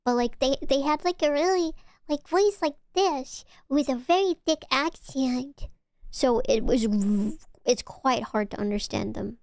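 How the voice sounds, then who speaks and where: A woman streams and chats casually with her audience, her voice sitting high. She gushes and stumbles into quick restarts. The sound is close and dry, with no room around it. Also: creaky, a little mellow, no room sound. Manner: chatty, stammering restarts, gushing. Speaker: VTuber streamer. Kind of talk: casual chat with live chat.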